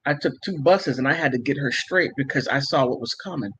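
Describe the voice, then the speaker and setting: Reading out viewer comments, this livestream host, a middle-aged woman, talks briskly in a rumbling low voice that's fairly bright and slightly rough. She laughs a lot and chats emphatically over muffled, lo-fi stream audio.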